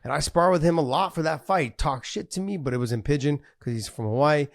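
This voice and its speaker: A man co-hosting a fight podcast, telling animated stories in casual chat and swearing freely. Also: fairly high pitch, brisk, vocal fry. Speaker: podcast co-host, former fighter.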